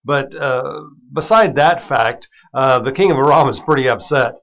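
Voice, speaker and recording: A man hosting a devotional Bible study, retelling the passage in casual everyday terms. He speaks at a middle pitch in an easygoing, encouraging manner, as if praying for the listener. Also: moderate pace, a bit bright, low-quality recording. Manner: conversational, retells scripture in everyday words; encouraging, prays over listeners. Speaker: Bible teacher.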